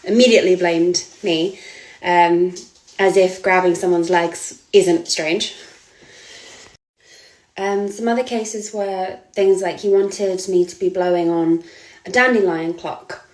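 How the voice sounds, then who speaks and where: A woman's voice: lowish voice, fairly even intonation, takes it slowly, a little mellow. A woman, a model giving an earnest, hesitant personal account. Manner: earnest, hesitant, with frequent ums and restarts. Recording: echoey room.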